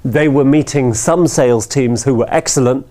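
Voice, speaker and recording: A man's voice: medium pitch, normal speed, warm tone. A man giving a storytelling talk who often checks in with his listeners by asking "yeah?". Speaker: speaker.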